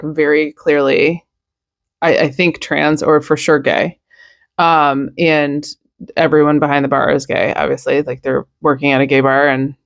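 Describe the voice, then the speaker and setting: A woman's voice: sits low, no room sound, muffled recording. Tired, blunt woman ranting on a podcast. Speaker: news podcast host. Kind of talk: casual opinion monologue.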